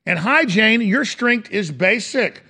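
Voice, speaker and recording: A man's voice: sits high, expressive, slow pace, sharp tone, breathy edge. A middle-aged man hosting a talk radio show, delivering an impassioned, ranting monologue.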